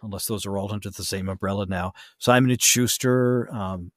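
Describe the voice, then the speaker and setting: A man's voice: fairly low pitch, steady tone, normal speed, no echo, clean studio sound. A man who narrates audiobooks, chatting casually in an interview, rambling with many fillers and restarts.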